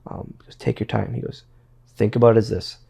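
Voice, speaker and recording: A man's voice: fairly low pitch, steady tone, a little fast, creaky, mellow, slightly rough. A man, a former pro wrestler, telling stories as a guest in a casual interview, rambling and repeating words as he quotes others.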